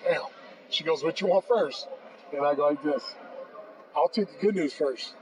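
A man in his fifties, a podcast guest, telling a long anecdote with lively acted-out dialogue and frequent "bro.". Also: on the high side, moderate pace. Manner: lively storyteller acting out both sides of phone calls, says "bro" often. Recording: distant, dull and noisy.

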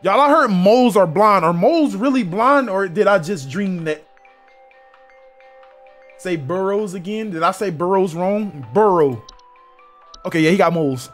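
A man's voice: sits high, normal speed, long pauses, faint music behind. A young man from South Carolina, giving joking, casual commentary on a game and talking to his chat. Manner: animated, joking, talks to chat. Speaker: streamer.

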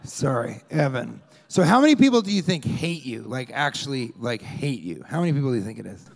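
A man from Colorado doing a rambling stand-up comedy set on a club stage, shouting out bits of crowd work and acting out fans yelling at him. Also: mid-range voice, big pitch swings, fairly quick, creaky.

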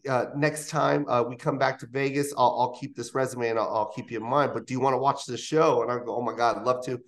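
A man's voice: mid-range voice, fast. A comedian in his fifties telling stories in an interview, acting out other people's voices along the way. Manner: animated, acts out voices in anecdotes. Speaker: comedian guest. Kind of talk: interview storytelling. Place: interview studio.

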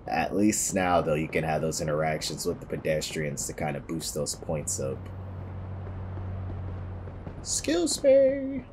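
A man with an extremely low, deep voice chats through a police game, tossing out joking, wry remarks about what he sees. His tone is casual and conversational. Clear background noise runs under the recording. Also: fairly even intonation, normal speed, few pauses. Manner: joking, wry running commentary. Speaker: gameplay commentator.

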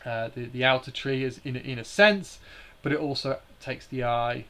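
A man's voice: mid-range voice, steady tone, normal speed, sharp tone. A man hosting a live stream, explaining slides in a hesitant way with many fillers and restarts.

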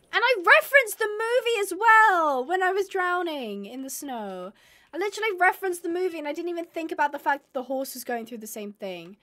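Bright high-voiced woman gamer. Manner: expressive, swings from glum muttering to shrieking distress. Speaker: streamer. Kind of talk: live gameplay commentary.

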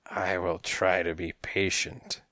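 A man reading an audiobook, voicing a hulking, gravel-voiced gangster cat with a slow, threatening drawl. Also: deep voice, steady tone, sharp tone, dry recording, studio quality, full character voice. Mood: menacingly patient. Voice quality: raspy, gravelly. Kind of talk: audiobook character voice.

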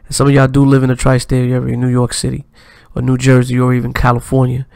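A man hosting a casual reaction stream, excitable and profane, laughing often between comments. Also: mid-range voice, fast talker, gravelly, smooth, no echo, clean studio sound. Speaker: reaction channel host.

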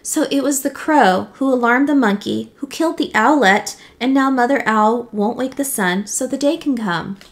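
A woman's voice: fairly high pitch, normal speed, few pauses, natural voice. Woman voicing a stately lion king. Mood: solemn. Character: proud male lion king judging the animals.

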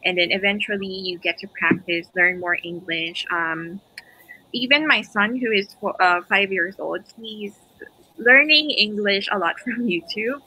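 A woman's voice: mid-range voice, measured pace, bright, forceful tone, slight background noise, low-quality recording. A woman with a Filipino accent, whose first language is Filipino, hosting a live stream in casual, encouraging chat and laughing between phrases over a video call. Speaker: host.

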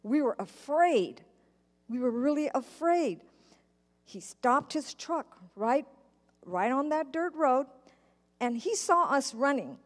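Lady telling a kids story at church, real slow and patient, long echo off the sanctuary. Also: sits high, expressive. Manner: slow, patient, asks the listeners questions. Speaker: children's story teller at church. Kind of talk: storytelling sermon for children. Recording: church live stream with long hall reverb.

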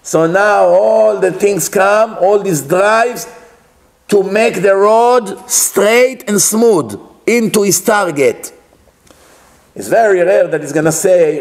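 A rabbi delivers a religious lecture in a fairly high male voice. He is animated, asks rhetorical questions and acts out little dialogues to make his points. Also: takes it slowly, gravelly.

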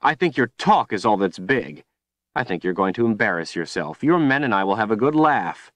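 A man's voice: on the low side, sing-song, moderate pace, no room sound, pitched above the performer's own voice. A man voicing a defiant captive young woman who taunts her captor with scorn, in an audiobook reading. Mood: taunting.

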